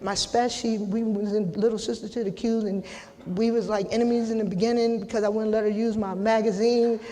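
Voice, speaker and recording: Middle-aged woman, emotional inductee, choked-up, casual, restarts often, monotone, long reverb. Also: a little high. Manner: halting, repeats herself, casual slang. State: holding back tears. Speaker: hall of fame inductee. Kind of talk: emotional acceptance speech.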